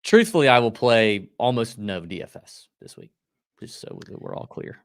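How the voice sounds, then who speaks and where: A man co-hosting a golf betting podcast, talking in a quick, loose, joking way. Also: medium pitch, very animated, dry recording, clean studio sound. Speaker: podcast co-host. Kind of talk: casual golf betting chat.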